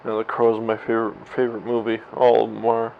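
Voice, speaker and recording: Gravelly guy rambling to his camera at home, cussing, laughs at himself, kinda dull lo-fi sound w faint hiss. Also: medium pitch, completely flat delivery, fast. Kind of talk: candid personal vlog monologue. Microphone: camera mic.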